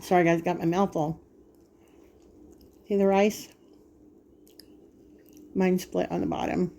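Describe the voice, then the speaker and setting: A woman's voice: lowish voice, level tone, takes it slowly, vocal fry, warm tone, a little hiss or hum. Chatty woman hosting a home cooking vlog. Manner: chatty, talks straight to viewers while cooking and tasting. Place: home kitchen.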